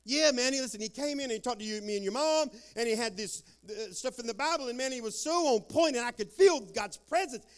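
Desperate father, loud high pleading, voiced by a preacher. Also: lively intonation, fairly quick, few pauses, clear, resonant tone. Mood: excited. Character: desperate middle-aged father pleading with his son.

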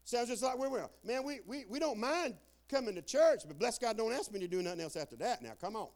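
An older man preaches a sermon in a homespun, folksy way. He keeps calling out for amens. He swings from shouted bursts down to low, quiet asides. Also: animated, fast talker. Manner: folksy Southern preaching, calls for amen, swings loud and soft.

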